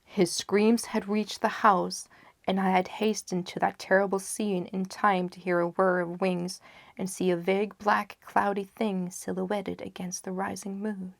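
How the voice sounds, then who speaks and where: A woman narrating a gothic tale in a low, hushed voice that often drops into a half-whisper. Her pitch sits in an ordinary middle range, and the recording is close and dry with no room sound. She lingers over phrases for dramatic weight. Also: flat delivery, measured pace, creaky, dry recording. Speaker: audiobook narrator. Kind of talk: gothic story reading.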